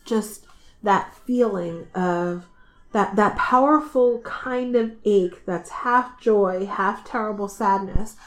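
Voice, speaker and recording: Slow-talking emotional woman. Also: mid-range voice. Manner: emotional, animated retelling with voiced asides. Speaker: podcast co-host. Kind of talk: casual book discussion.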